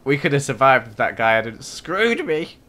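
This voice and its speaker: Animated man reacting to a game. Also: mid-range voice, normal speed. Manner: animated, exclaims and gasps often, dramatic reactions. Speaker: gaming YouTuber. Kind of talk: excitable gameplay commentary.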